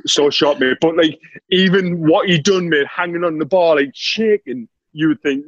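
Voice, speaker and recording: A man's voice: a little high, moderate pace, no echo, lo-fi sound. A man telling stories in a casual chat, laughing often and saying "mate" constantly. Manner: laughs a lot while telling anecdotes, says "mate" constantly.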